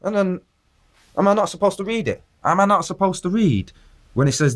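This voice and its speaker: A man's voice: high voice, lively intonation, fairly quick. A man delivering an impassioned video rant, preaching at his viewers and firing rhetorical questions at them. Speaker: vlogger.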